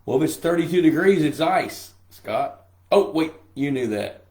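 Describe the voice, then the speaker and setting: A man's voice: fairly high pitch, animated, normal speed, a little mellow. An older man with a scratchy voice, hosting a casual live-stream Q&A. He talks in a folksy, joking way and greets viewers by name. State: scratchy voice from a throat infection. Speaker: pond management show host. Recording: roomy echo.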